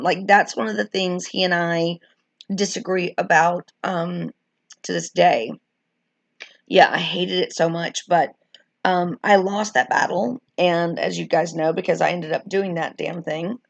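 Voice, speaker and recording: Middle-aged woman rambling on a live stream, gravelly voice, dry close sound, lots of likes and ums. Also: on the low side, dry recording. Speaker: streamer sharing wrestling memories. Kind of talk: casual live-stream chat.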